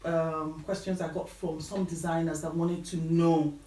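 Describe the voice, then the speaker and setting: A woman with a Nigerian accent hosting a casual interview, chatty and quick to laugh. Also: low voice, little pitch movement, warm tone. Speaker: host. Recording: roomy and distant.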